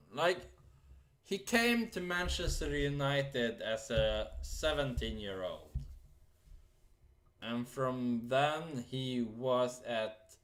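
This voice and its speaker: Guy rambling about football on his channel, super slow, umming a lot, mid pitch. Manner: slow, hesitant, many fillers and pauses. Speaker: football vlogger. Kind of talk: casual unscripted commentary.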